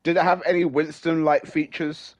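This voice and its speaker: A man as a player in a tabletop game, making wry, deadpan asides. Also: fairly high pitch, normal speed, dry recording.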